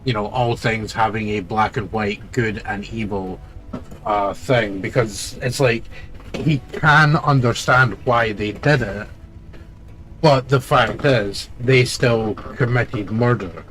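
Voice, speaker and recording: A man's voice: lowish voice, takes it slowly, a bit bright. Sweary guy bantering while gaming, blunt and argumentative. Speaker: let's play co-host. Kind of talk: casual chat over gameplay.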